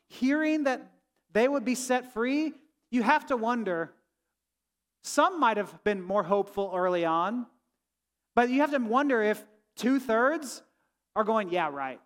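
A man's voice: very high voice, animated, measured pace, a bit bright. A man who is a pastor, giving a sermon in a conversational way and often asking the room "right?". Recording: long reverb of a large hall.

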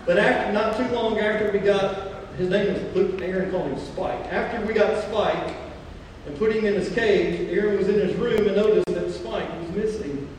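A male pastor preaching a sermon, slowing down to stress key phrases and mixing scripture with stories about his own family. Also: high-pitched, a little mellow, slight background noise. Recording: echoey hall, mic far off.

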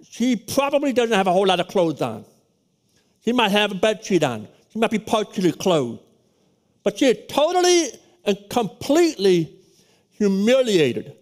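A man preaching a sermon who tells a story in an animated way, with many restarts, in a loud voice. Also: high voice, measured pace. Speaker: pastor.

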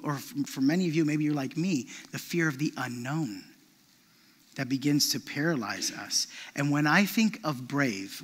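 Bright-voiced preaching man in a reverberant hall. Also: on the high side. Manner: animated storytelling, frequent restarts. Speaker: pastor. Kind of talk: sermon. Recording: long reverb of a large hall.

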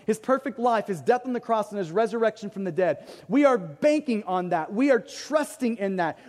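In a sermon echoing with long hall reverb, a pastor with a high-pitched, darkish voice talks conversationally. He makes himself the butt of jokes and repeats key points for emphasis.

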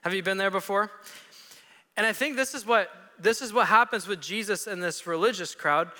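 A man's voice: sits high, moderate pace, pushed and bright. A man preaching a sermon as pastor, telling stories animatedly with quoted voices. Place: church sanctuary. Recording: long reverb of a church hall.

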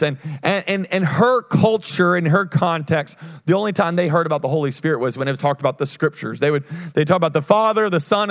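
Pastor, male, mid-high pitch, lively call-and-response preaching. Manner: energetic preaching with call-and-response and frequent restarts. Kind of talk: sermon.

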